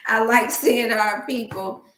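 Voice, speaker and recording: A woman hosting a wellness livestream in casual Black dialect, talking to her viewers like family with emotional, preachy warmth. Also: on the high side. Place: home room. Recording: roomy echo.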